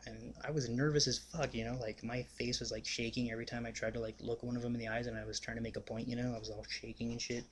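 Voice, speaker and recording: Talking the way he would with his buddies, a young vlogger wanders through a casual story in an ordinary mid-range voice. Curses come easily, and "like" and "you know" fill every gap.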